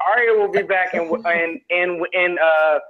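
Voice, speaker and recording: A man's voice: high voice, unhurried. Confident male caller on tinny phone. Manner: confident, emphatic. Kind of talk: phone-in opinion.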